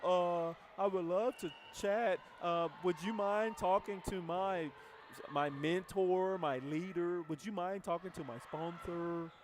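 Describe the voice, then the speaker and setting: A man's voice: high-pitched, takes it slowly, noisy background, voice pushed up. A man putting on the voice of a timid, overly polite caller who pleads for a chat. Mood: pleading.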